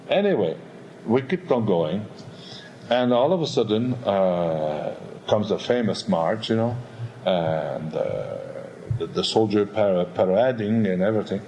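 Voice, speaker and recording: A man, an opera baritone, telling a candid backstage story in a rambling, animated way, acting out voices and sounds. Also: unhurried, gravelly, slight background noise, rough recording. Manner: animated, acts out quotes and sounds; rambling with many restarts and "all of a sudden". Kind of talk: candid spoken anecdote.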